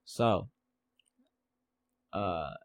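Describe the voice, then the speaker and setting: A man hosts a casual sports podcast and walks through a fight in a loose, rambling way. He repeats phrases and laughs at his own notes. His voice sits a little low, and it is recorded dry, with no room sound. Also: very slow, no echo. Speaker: podcast host.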